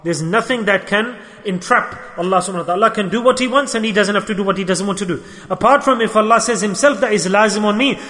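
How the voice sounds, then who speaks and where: A man's voice: high-pitched, a bit bright. A man preaching a sermon with fervent storytelling and repeated exclamations. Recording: echoey hall reverb.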